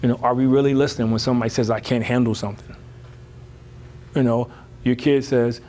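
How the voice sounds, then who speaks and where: A man speaks to parents in a loose motivational talk, leaning on rhetorical questions and casual asides. His voice sits at a middle pitch and climbs when he gets worked up. A faint hiss of noise runs behind him. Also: fast talker. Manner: lively, emphatic, rising high when animated; conversational, uses rhetorical questions and "you know".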